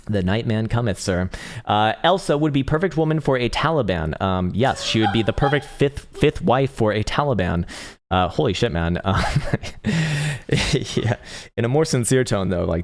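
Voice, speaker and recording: A man's voice: mid-range voice, expressive, normal speed. A young man hosting a crypto trading livestream, reading chat and reacting in a rambling, profane way, laughing often and hunting for words. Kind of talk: casual livestream chart talk and chat replies.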